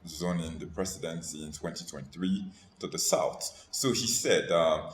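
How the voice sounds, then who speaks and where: Male host for a political chat show, deep and measured, recorded in a reverberant room. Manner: measured, hesitant with fillers. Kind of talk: political talk show discussion. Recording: echoey room, faint noise.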